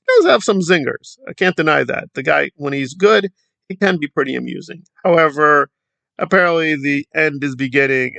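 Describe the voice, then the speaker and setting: Sarcastic male commentator with a gravelly voice. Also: fairly high pitch, a bit bright, no echo. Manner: sarcastic, mocking, conversational. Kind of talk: commentary vlog.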